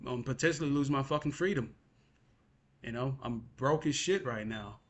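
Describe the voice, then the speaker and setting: A young adult man vents at a moderate pace in a mid-range voice, talking to his viewers with frustration. He's repetitive, cursing throughout and calling the listener "bro."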